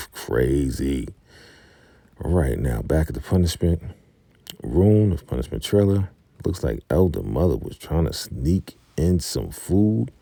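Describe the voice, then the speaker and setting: A man's voice: a bass voice, gravelly, mellow, slightly rough, no room sound. A man giving a casual, laid-back recap of a TV episode who chuckles often and talks to his viewers as y'all. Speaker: TV recap reviewer.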